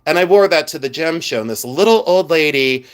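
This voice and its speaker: Showing jewelry to his live-stream audience, this middle-aged man chats animatedly and wanders into frequent tangents. He speaks on the high side, fairly quickly, with a clean tone.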